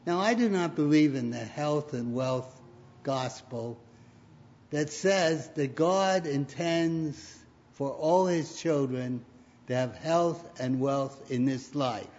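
A man's voice: a little high, takes it slowly, a little mellow. A man preaching a sermon, telling stories and rising to emphatic peaks. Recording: dull lo-fi recording.

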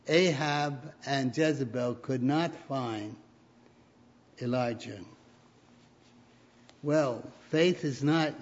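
A male preacher delivers a sermon at an unhurried, measured pace, building to emphatic points. His voice sits a little high for a man. The recording is dull and lo-fi. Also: a little mellow. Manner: storytelling, rising to emphatic peaks.

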